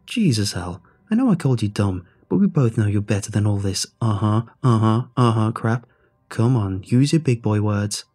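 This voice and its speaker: A man's voice: fairly low pitch, animated, normal speed, dark tone, breathy edge, soft background music. A man voicing a chirpy, mocking young man trapped inside a beer can, who taunts and bosses the listener with sarcasm. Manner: taunting and bossy, snapping sarcastically.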